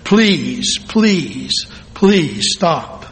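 A man's voice: on the high side, lively intonation, extremely slow, fairly bright tone, heavily acted. A man voicing a fragile female teacup that cries out and begs in a raised, strained voice. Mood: pleading, distressed. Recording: long hall reverb.

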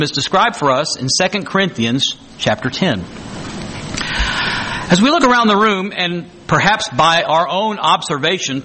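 Lively high-voiced male preacher. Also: slight background noise, poor audio. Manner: emphatic, drawn-out stresses on key words; rhetorical questions to the congregation. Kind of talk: sermon.

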